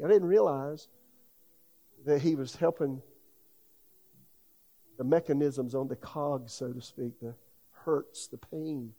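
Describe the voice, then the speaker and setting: A man's voice: fairly high pitch, unhurried, long pauses, mellow, lo-fi sound. A middle-aged man preaching a sermon in a folksy, conversational way, full of asides. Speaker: pastor.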